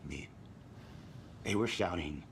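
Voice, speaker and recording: A man's voice: low voice, unhurried, a little hiss or hum. A man voicing a jittery, rattled male tourist in a video game, telling what he saw in a rambling way. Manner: animated, rambling storyteller.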